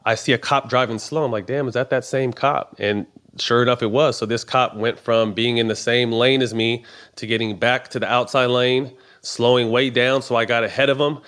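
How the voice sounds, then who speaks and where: A man's voice: mid-range voice, fairly bright tone. A man telling a personal story in casual, profane talk, acting out both sides of the conversations he recounts. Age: adult. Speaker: professional basketball player.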